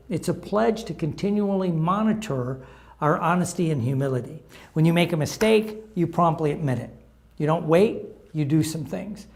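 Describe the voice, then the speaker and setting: A man's voice: a little high, darkish tone. A middle-aged man giving an informal talk on recovery steps, sharing stories in a conversational, anecdotal way. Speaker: recovery program speaker.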